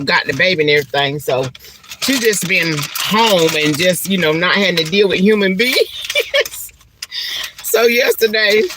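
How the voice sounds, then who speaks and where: A middle-aged woman vlogger, her voice on the low side, chats casually with her viewers over lunch in a mukbang-style video with background noise audible. She's animated and laughs often, calling them "honey" and "child" in a Southern way and throwing in church exclamations.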